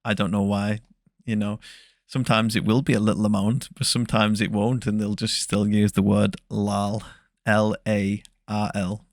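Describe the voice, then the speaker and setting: A soft-spoken young English man with a low, gravelly voice. He speaks hesitantly over a video call, and the sound is dry and close. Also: flat delivery, moderate pace, no room sound. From England. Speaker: guest ASMR creator. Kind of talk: soft-spoken interview chat.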